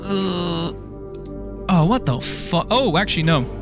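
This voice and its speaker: A high-pitched man from Ireland talks loosely through a live game stream. He rambles, gets excited, swears freely and stumbles over his words. Soft music plays faintly behind him. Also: slow. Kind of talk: casual live-stream chat while playing.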